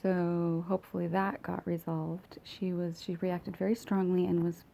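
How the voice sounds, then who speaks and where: A woman's voice: lowish voice, little pitch movement, moderate pace, gravelly, dark tone, poor audio. A woman in her late thirties talking in a rambling, candid, profane confessional vlog, recorded on a phone. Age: late 30s.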